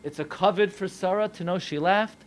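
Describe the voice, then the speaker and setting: An American man, a rabbi, preaching a sermon with animated delivery, acting out voices in dialogue. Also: sits high, moderate pace, slight background noise. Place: synagogue.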